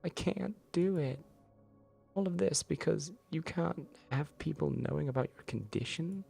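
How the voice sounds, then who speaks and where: A man's voice: fairly low pitch, animated, normal speed, vocal fry, slightly rough, faint music behind, pitched above the performer's own voice, heavily acted. A man voicing a volatile young woman who shrilly pleads and then accuses, reading a visual novel game aloud. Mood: furious.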